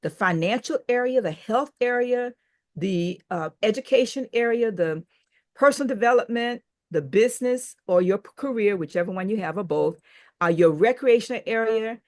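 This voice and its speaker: A woman's voice: a little high, normal speed. An older woman, a business owner, telling a story as a podcast guest and acting out the people she quotes. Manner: animated storyteller who acts out quoted dialogue. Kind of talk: storytelling in an interview.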